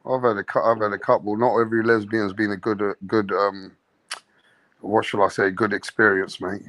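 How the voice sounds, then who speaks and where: A man's voice: on the low side, level tone, normal speed, fairly bright tone, no echo. A man hosting a late-night podcast, telling a crude, swaggering story with laughter. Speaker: host.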